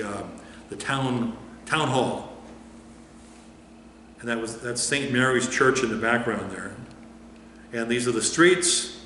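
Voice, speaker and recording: Pastor lecturing in an echoey hall. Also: male voice, medium pitch, fairly bright tone, a little hiss or hum. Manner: conversational, asks the audience questions and answers them; frequent fillers and repeated starts. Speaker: pastor teaching a history class. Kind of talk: informal slide-show lecture. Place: church hall or classroom. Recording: echoey hall, picked up from a distance.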